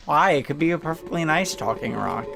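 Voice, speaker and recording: A man's voice: a little high, expressive, a little fast, vocal fry, music in the background. A man co-hosting a let's play, trading teasing, playful banter about the game. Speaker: co-host. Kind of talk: casual gameplay banter.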